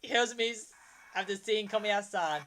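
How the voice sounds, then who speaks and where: Young male streamer, 20s, bright rambling excitable delivery, casual commentary. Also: high-pitched, measured pace, slight background noise.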